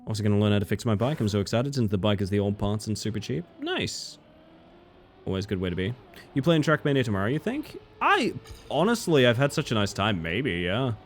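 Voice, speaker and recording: A man with a fairly low voice talks fast over faint background music while casually commenting on his late-night live game stream. Sleepy but chatty and relaxed, he reads chat messages aloud and answers them as he plays.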